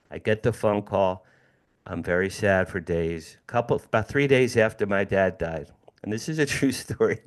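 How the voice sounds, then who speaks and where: A man in his sixties from New Jersey, a guest speaker telling a personal story in an animated way, repeating phrases and speaking directly to his audience. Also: fairly low pitch. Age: 60s.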